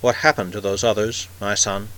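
Old alien tribal elder, read by a man, quiet, slow, sorrowful, fatherly. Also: fairly low pitch, fairly even intonation, lightly acted.

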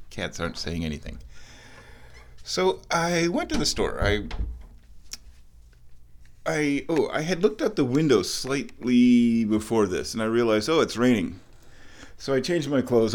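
A man with an ordinary mid-range voice chats casually to his viewers from home. He rambles through an everyday errand story, drifting into side comments as he moves from room to room. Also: mid-range voice. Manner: chatty, meandering storytelling with asides. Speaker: vlogger. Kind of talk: rambling casual vlog chat. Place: at home, walking between rooms.

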